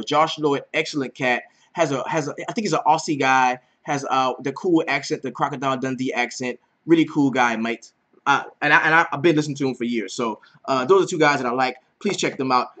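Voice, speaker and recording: Animated, slangy man breaking down fantasy picks. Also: fairly high pitch. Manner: animated, slangy, swears freely. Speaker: daily fantasy sports host. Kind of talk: casual sports betting breakdown.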